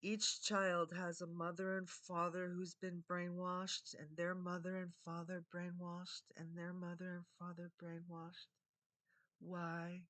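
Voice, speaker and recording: An older woman speaks straight to her viewers in an earnest, heartfelt monologue. She talks at an unhurried, drawn-out pace, often circling back and repeating herself. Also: lowish voice, completely flat delivery, a bit bright. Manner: earnest, meandering, repeats phrases. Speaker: vlogger. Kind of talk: heartfelt spoken monologue to camera.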